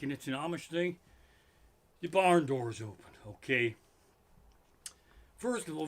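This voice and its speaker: A middle-aged stand-up comedian, his voice slightly high and fairly bright, unleashes an exasperated, profane comedy rant live from his living room. A microphone sits in front of him.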